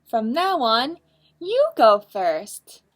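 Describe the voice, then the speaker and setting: A woman voicing a polite, gentle little male cheetah in a storybook read-aloud, with a slow, emphatic delivery. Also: fairly high pitch, sing-song, exaggerated voice. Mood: earnest.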